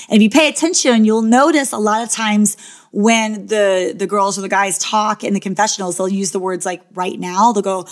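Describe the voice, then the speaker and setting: A chatty woman talking through her reality show days at an easy, medium pitch. She rambles casually, leans on "like" and "you know", and slips into quick little acted-out quotes. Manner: acts out quotes in quick bursts. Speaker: former reality show contestant. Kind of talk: casual storytelling.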